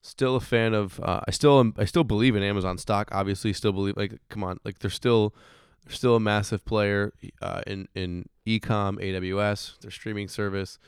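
A hoarse man in his thirties talks casually about stocks, rambling and restarting his sentences, with the odd curse thrown in. His voice sits fairly low and sounds smooth under the strain. The recording is close and dry. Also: fairly even intonation, moderate pace, dry recording. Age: 30s. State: hoarse, recovering voice. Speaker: podcast host. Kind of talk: casual finance chat.

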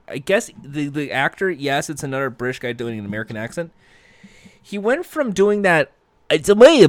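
Lively sarcastic man recapping episodes. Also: medium pitch, no echo. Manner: sarcastic, profane, rambling. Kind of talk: comedic recap commentary.

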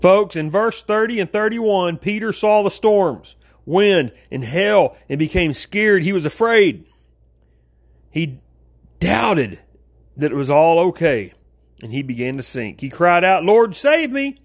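A man delivers a casual, conversational sermon and calls his listeners folks. His voice sits a little high for a man, and his pitch leaps up and drops low as he tells the story. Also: expressive, measured pace. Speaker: preacher. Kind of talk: informal sermon.

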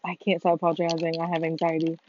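A woman's voice: low-pitched, monotone, quick pace, a little mellow. A woman co-hosting a casual podcast while playing a video game, swearing freely and apologizing often. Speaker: podcast co-host. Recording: dull, lo-fi and dry.

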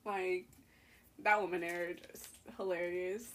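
A woman's voice: fairly low pitch, level tone, measured pace, a bit bright. A young woman hosting a podcast, telling stories in a rambling way with lots of fillers and laughs. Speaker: podcast host. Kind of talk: casual chat.

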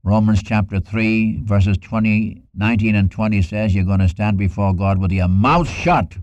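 A low-voiced man delivers an earnest sermon, repeating phrases and lifting his voice for scripture quotes. The recording is dull and lo-fi with a dry, close sound. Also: moderate pace, a little mellow, dry recording. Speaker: preacher.

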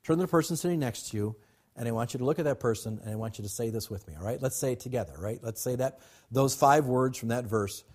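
Male pastor, husky voice, emphatic preaching with call and response. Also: medium pitch, quick pace, a little mellow. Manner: emphatic, repetitive, calls to the congregation. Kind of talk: sermon.

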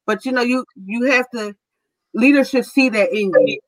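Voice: medium pitch, moderate pace, no room sound, rough recording. Earnest podcast guest with a dry sound. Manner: earnest, with many restarts and "you know". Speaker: guest speaking to school leaders. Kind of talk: casual podcast chat.

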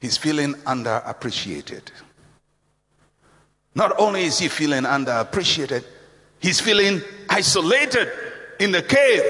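A man preaching a sermon, emphatic and animated, acting out voices as he speaks. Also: unhurried. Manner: animated, emphatic, acts out voices with big pitch swings. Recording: long reverb of a large hall.

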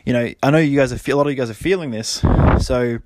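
Talking fast in a medium-pitched voice with slight background noise, a man in his thirties hosts his own podcast. He rambles through a casual solo monologue, making fun of himself, motivating listeners and laughing often.

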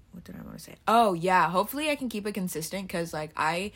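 A woman's voice: on the low side, animated, normal speed, fairly bright tone. A young woman hosting a solo podcast, rambling casually and swearing freely, her voice a little throaty from just waking up. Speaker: podcast host.

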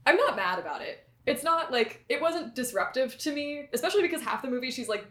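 A woman's voice: sits high, lively intonation, fairly quick, fairly bright tone. Chatty woman podcaster, echoey room. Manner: chatty, easygoing, fond of hedging. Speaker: podcast co-host. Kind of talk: casual chat. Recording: roomy echo, rough podcast audio.

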